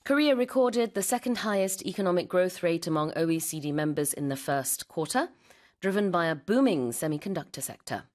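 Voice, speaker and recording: A woman co-hosting a bilingual news lesson, explaining English terms and switching into Korean to translate. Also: on the low side. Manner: brisk, lively, switches into Korean.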